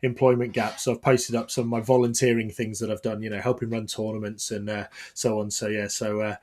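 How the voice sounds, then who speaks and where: A podcast host tells anecdotes in a casual, rambling way, full of ums and restarts. His voice is on the low side with a level tone, fairly quick and a little mellow. There's slight background noise.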